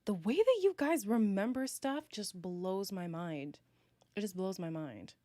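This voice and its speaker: A woman's voice: medium pitch, expressive, unhurried, warm tone, no echo. A woman hosting a casual livestream, reading and answering viewer chat, chatty and self-mocking and laughing often.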